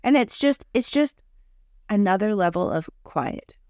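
A woman's voice: mid-range voice, animated, unhurried, darkish tone, dry recording, studio quality. A young woman co-hosting a podcast in casual chat, blunt and opinionated, swearing casually. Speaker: podcast co-host.

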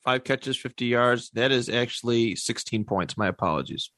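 A man hosting a casual sports podcast, reading out stats with pauses and filler words. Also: medium pitch, a bit bright, dry recording, studio quality. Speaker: podcast host.

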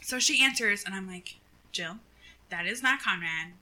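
A young woman co-hosting a casual chat, telling a story in an animated way and acting out what people said. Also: mid-range voice, moderate pace, rough recording. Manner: animated storyteller, acts out quotes, laughs often. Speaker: podcast co-host.

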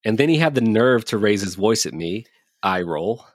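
A man's voice: lowish voice, expressive, normal speed, no room sound, studio quality. A man hosting a podcast in casual chat, joking loosely, swearing freely and laughing as he tells stories. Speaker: podcast host.

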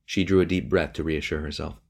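A man narrating a novel as an audiobook in a measured, steady reading. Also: extremely low pitch, gravelly, slightly rough.

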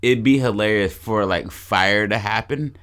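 A man co-hosting a podcast in casual chat, joking crudely and pitching ideas with restarts. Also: measured pace, a bit bright, clean tone. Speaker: podcast co-host.

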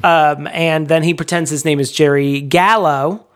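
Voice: medium pitch, steady tone, measured pace, clean tone. A podcast co-host in a casual movie discussion, talking in a chatty, digressive way.

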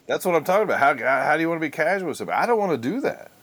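A man's voice: fairly high pitch, very animated, very fast, a bit bright, a little hiss or hum. A middle-aged man hosting a podcast, telling stories in blunt, profane casual chat. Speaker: podcast host.

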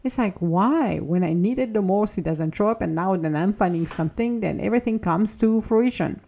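A woman talks through a reflective spiritual podcast in an earnest, encouraging way. Her voice is husky and mellow. Now and then she acts out a fretting inner voice before calming it again. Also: mid-range voice, moderate pace. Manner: earnest, encouraging, slips into acted inner-voice quotes. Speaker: podcast host.

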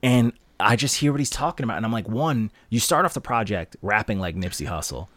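A young man hosting a casual podcast chat, ranting about rap albums with animated, profane energy. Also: fairly low pitch, a little fast.

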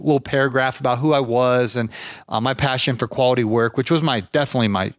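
A man's voice: medium pitch, fairly bright tone, no room sound, clean studio sound. A man from Ohio hosting a show, telling a casual story full of restarts and fillers. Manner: rambling, many restarts and fillers. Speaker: podcast host, lawn care business owner.

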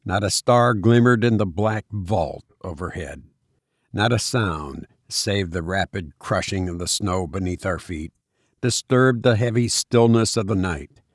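Male narrator, audiobook reading, unhurried, measured, dry close sound. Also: deep voice, no echo.

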